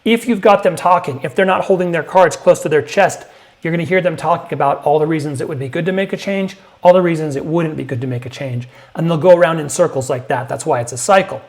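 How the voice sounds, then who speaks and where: Emphatic man coaching on sales. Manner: emphatic, punchy, acts out prospect lines in a higher voice. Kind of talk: direct-to-camera sales lesson.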